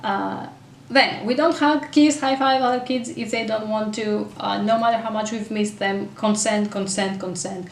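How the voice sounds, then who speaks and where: A woman films herself giving parenting advice, her talk earnest and chatty, full of quick asides and restarts. She sits some distance from the camera's own mic, so her voice comes across slightly far away. The room adds a noticeable echo, with faint noise beneath her voice. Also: mid-range voice, steady tone. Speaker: parenting vlogger and mother.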